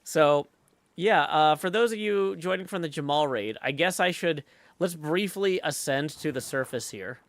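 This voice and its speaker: A man talks casually to his live stream audience as he plays, thinking aloud and greeting viewers in the chat, with fillers woven through his sentences. His voice sits a little high for a man. The sound is dry and close, with no room echo. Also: lively intonation, normal speed. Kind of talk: casual chat while gaming.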